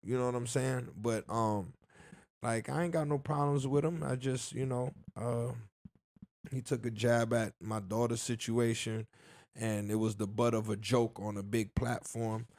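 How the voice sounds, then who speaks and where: A man, a rapper and podcast guest, talking in a subdued, halting way, full of "you know" fillers. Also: mid-range voice, steady tone, darkish tone. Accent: Southern US, Miami. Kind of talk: casual interview talk.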